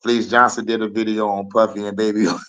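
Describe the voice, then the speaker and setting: A young man hosts a podcast in a loose, profane, laughing commentary. His voice has a bright, forward edge. He talks over clips in a relaxed way. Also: on the low side, quick pace, poor audio. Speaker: podcast host.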